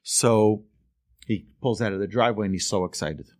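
A man teaching a Torah lesson through a lively story, acting out the voices of the people in it. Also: fairly low pitch, moderate pace, no room sound, studio quality. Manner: animated storyteller, acts out voices. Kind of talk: storytelling sermon.

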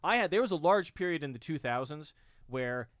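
New guy on a podcast, kinda high voice, smooth and clear, dry sound, self-mocking. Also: no echo. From New York. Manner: animated, self-mocking, quick restarts. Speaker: podcast guest. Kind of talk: casual podcast chat.

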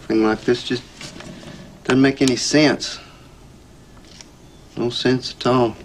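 A bewildered, grieving middle-aged husband from a film, as an actor plays him, drawing out each bitter word at an unhurried pace. Faint noise sits behind him. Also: male voice, medium pitch, steady tone, natural voice. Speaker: film character.

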